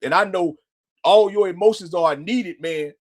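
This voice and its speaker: A man's voice: high-pitched, moderate pace. A man hosting his own show, speaking, talking casually and profanely and tagging nearly every phrase with "man". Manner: profane, repetitive, says "man" constantly. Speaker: podcast host. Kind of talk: casual motivational monologue.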